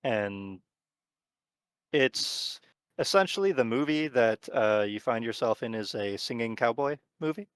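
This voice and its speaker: A man narrating as game master of a tabletop horror game, talking in a relaxed, rambling way with lots of fillers. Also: mid-range voice, unhurried, clear, resonant tone, dry recording.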